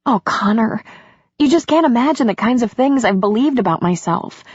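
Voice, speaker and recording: An emotional, self-doubting romance heroine, voiced by a woman narrator, her breathy voice rising high and quick. The recording is dull and lo-fi. Her lines tumble out fast and a little shaky. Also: lively intonation, dry recording.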